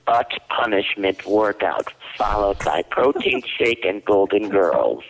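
A man's voice: on the low side, lively intonation, takes it slowly, gravelly, rough recording. A man co-hosting a comedy podcast, talking in a campy, playful, bawdy way. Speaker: podcast co-host. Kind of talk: raunchy comedy banter.

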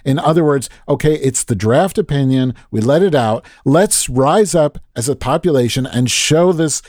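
A man's voice: mid-range voice, lively intonation, moderate pace, a little mellow, no room sound. Man ranting, dry close sound. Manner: heated, profane political rant. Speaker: podcast co-host. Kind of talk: casual podcast chat.

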